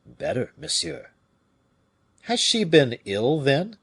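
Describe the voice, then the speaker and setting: Brief: male reader playing a proud, tired musketeer in a storybook, husky, pitched up and animated. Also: takes it slowly, heavily acted. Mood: curious. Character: proud weary musketeer, middle-aged man.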